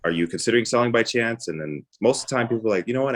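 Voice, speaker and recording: A man's voice: medium pitch, expressive, very fast, hardly any pauses, a bit bright. A man who works as a real estate agent, casually describing his calls and acting out both sides of them. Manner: casual, acts out phone calls. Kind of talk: casual guest account.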